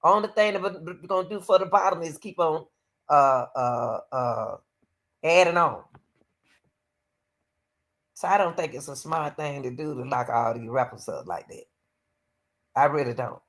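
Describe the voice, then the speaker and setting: Woman, channel host, blunt opinion commentary, gravelly voice, talks to viewers. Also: low voice, a little slow, long pauses.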